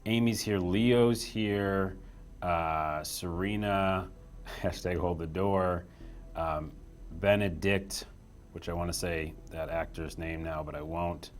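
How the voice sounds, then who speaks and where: A young man with a low voice chats his way through a live stream, joking at his own expense and reading viewers' messages aloud. He sits in a small office room at a desk mic. Faint music plays behind him. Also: steady tone, slow. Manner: chatty, self-deprecating, reads chat aloud. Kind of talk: casual live stream chat.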